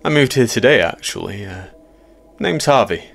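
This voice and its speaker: A man's voice: fairly low pitch, lively intonation, normal speed, creaky, fairly bright tone, voice pushed up, exaggerated voice. A man voicing a polite, uneasy newcomer who speaks hesitantly with fillers. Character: polite, uneasy young British man newly moved.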